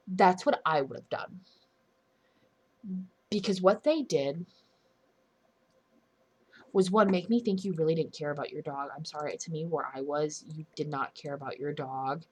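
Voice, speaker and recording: A young woman talks straight to camera in an opinion vlog, voice sitting a little low. She sounds indignant and earnest, and she keeps restarting and correcting her own sentences as she goes. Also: moderate pace, pauses often, slightly rough. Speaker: commentary YouTuber.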